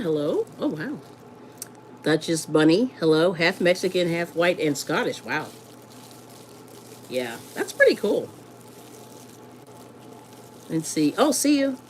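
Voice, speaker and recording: Low-voiced chatty woman cooking live. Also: a little hiss or hum, poor audio. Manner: chatty, rambling, laughs often, greets viewers. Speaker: live-stream host. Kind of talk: casual chat while cooking. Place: home kitchen.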